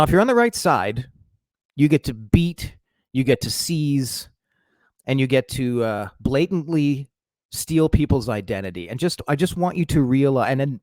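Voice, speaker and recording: A man's voice: mid-range voice, a little mellow, no echo, studio quality. A man rambling to his viewers in a casual monologue, swearing, stumbling over restarts and fillers, and mocking himself as he goes. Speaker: vlogger.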